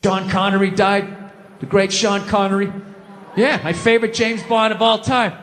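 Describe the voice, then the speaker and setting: At normal speed and with little pitch movement, a middle-aged stand-up comedian shouts his way through a loud rant in a high, bright, forceful voice. The theater's long hall reverb trails his handheld stage mic, over faint ambience, as he performs before a live audience.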